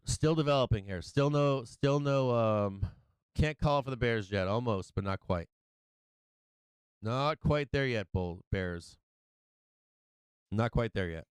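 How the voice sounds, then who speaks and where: A man's voice: medium pitch, slow pace, pauses often, clean tone, no echo. A tired man hosting a stock market livestream, talking casually with lots of swearing and laughter as he comments on charts. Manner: profane, excitable, laughs often. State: tired from no sleep.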